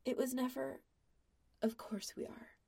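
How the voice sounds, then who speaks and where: A woman voicing a shy, hushed young man. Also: high-pitched, flat delivery, unhurried, gravelly, breathy edge, voice pushed up, heavily acted. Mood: insecure. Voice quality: hushed, half-whispered. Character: shy, insecure young male bassist.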